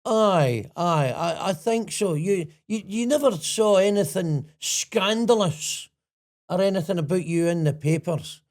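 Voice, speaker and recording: A man's voice: high voice, animated, unhurried, a little mellow. A man with a Scottish accent co-hosting a casual podcast, joking and often restarting his sentences. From Scotland. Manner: jokey, hesitant with many restarts. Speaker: podcast co-host. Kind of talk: casual interview chat.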